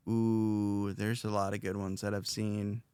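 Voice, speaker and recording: A man's voice: fairly low pitch, little pitch movement, a little slow, mellow, clear, resonant tone, dry recording. A young man hosting a podcast, talking casually in a rambling, self-reflective way with many fillers and restarts. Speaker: podcast host, interviewed as guest.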